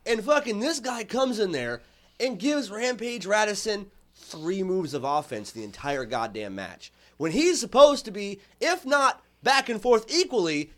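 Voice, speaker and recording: Profane podcast host, male, high and animated, tells stories loudly. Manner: profane, animated, laughs often. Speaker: podcast host, former wrestling manager. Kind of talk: casual storytelling chat.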